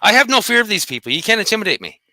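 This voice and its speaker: Host: man, high bright voice, rapid profane rant, dry close mic. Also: big pitch swings, no echo. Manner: profane, combative, taunting. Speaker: host of a dog behavior channel. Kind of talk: angry solo rant.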